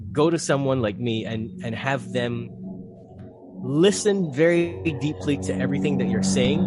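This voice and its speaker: A man who works as a mindfulness coach, speaking as a podcast guest and telling a story with animated delivery. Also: mid-range voice, dry recording. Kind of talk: casual interview conversation.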